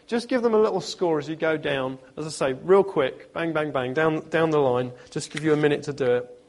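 Male preacher, slightly higher voice, animated storyteller with emphatic repeats. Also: a little fast. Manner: lively storytelling with emphatic repetition and humor. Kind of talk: sermon.

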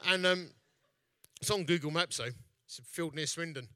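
Chatty preacher, bright voice. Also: male voice, on the high side, normal speed, no echo. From East London, England. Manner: jokey, chatty, self-mocking. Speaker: evangelist speaker, festival founder. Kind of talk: storytelling sermon.

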